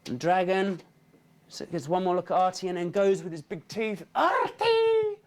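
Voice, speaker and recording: A man narrating an animated story pitch, describing action and making sound effects. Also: brisk, slight background noise. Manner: dropping into low voices, making sound effects.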